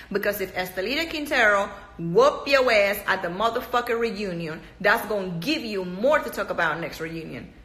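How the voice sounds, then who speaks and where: A woman's voice: on the high side, pushed and bright. A woman from Panama, ranting bluntly to camera in a casual, profane, emphatic way, repeating herself for force. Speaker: reality TV cast member. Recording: echoey room.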